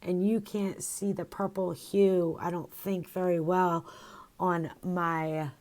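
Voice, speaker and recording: A woman with a low, deep-set voice talks slowly into her phone for a personal video diary. She rambles and reflects, restarting her sentences and filling pauses as she thinks aloud. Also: flat delivery, a little mellow. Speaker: vlogger.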